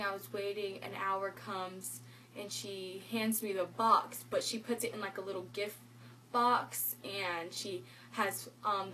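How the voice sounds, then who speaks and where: A teenage girl vlogs her own story, retelling conversations in an animated way with quoted lines and lots of "like." Her female voice is medium-pitched. The audio is poor, with slight background noise.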